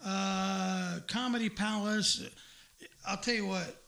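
Male talk host, high gravelly voice, crude and rambling, swears freely. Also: fairly even intonation, takes it slowly, sharp tone. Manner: blunt, profane, rambling with many uhs. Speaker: radio show host. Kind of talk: casual crude comedy talk.

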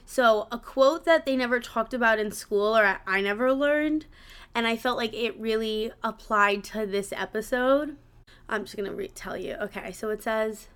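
A woman's voice: on the high side, normal speed, fairly bright tone, clean tone. A young woman hosting her own podcast in a casual, rambling way, restarting sentences and laughing at herself. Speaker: podcast host.

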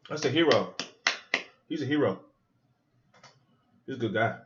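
Male podcast host with a very animated, crude watch-along delivery and a muffled lo-fi sound. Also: medium pitch, measured pace, a little hiss or hum. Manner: loose, profane, joking running commentary. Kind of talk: casual movie watch-along commentary.

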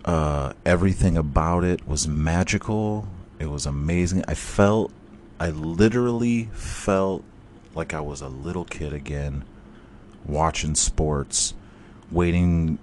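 A man's voice: a bass voice, slow pace, a little hiss or hum. A man hosting a casual solo sports podcast, ranting and storytelling with heavy swearing. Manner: profane, rambling, animated storytelling. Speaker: podcast host.

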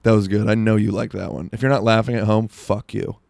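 A man's voice: fairly low pitch, fairly even intonation, a little fast, gravelly, darkish tone, no echo, clean studio sound. A young man from South Florida, riffing through a crude, rambling comedic monologue full of "like" and restarts. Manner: rambling, crude, self-interrupting with lots of "like".

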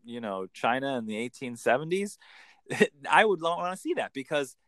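A man, a coach explaining in an enthusiastic conversational interview with quick acted examples. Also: mid-range voice, big pitch swings, fairly bright tone, no echo. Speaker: accent coach.

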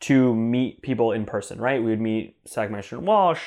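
A man's voice: medium pitch, lively intonation, normal speed, darkish tone. A man in his thirties, a brand and design director, talking as an interview guest in a chatty, enthusiastic way, laughing often. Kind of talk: casual interview chat.

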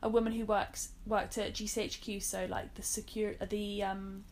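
A woman's voice: mid-range voice, level tone, normal speed, darkish tone, slight background noise. A young Englishwoman co-hosting a podcast, chatting and explaining things at length with lots of "like" and "um". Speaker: podcast co-host. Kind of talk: casual chat.

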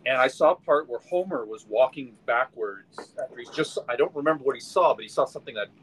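A man in casual movie chat, talking in halting starts and restarts. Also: mid-range voice, a bit bright, slight background noise, low-quality recording. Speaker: podcast co-host.

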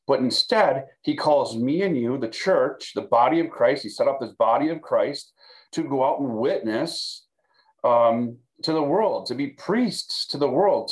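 A man of middle pitch teaches scripture to a camera, talking to his viewers as if they sit in front of him. He talks in a conversational way, restarting phrases and asking "okay?" as he goes. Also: poor audio. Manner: conversational, repeats words, fillers, checks in with "okay?". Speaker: pastor teaching a Bible study. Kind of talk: recorded Bible teaching. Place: recorded for video.

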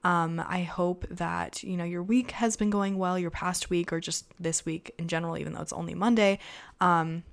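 A woman's voice: lowish voice, steady tone, normal speed, vocal fry. Chatty teenage girl podcast host. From America. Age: teens. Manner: chatty, filler-heavy, rambling. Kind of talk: casual solo podcast chat.

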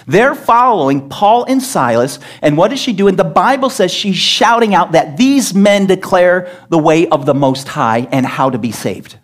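At a church service, a pastor delivers a sermon in an expressive mid-range voice that rises and falls widely, at a moderate pace with few pauses. He speaks emphatically and keeps throwing questions at the congregation to rally them.

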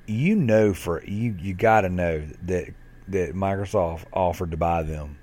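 A man co-hosting a casual gaming podcast, excitable and loose, with lots of "dude" and "like" in his talk. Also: deep voice, a little slow. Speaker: podcast co-host.

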